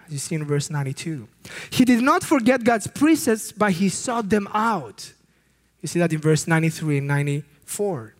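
A man's voice: on the high side, expressive, moderate pace. A man preaching a sermon as a youth ministry director, earnest and emphatic, with occasional slips and restarts.

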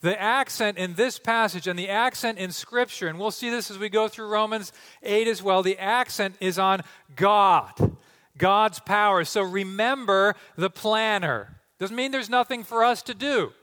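Guy preaching a teaching sermon, high-ish voice, long echo like a big sanctuary. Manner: teaching, rhetorical questions, drops to a hushed slow close. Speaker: pastor.

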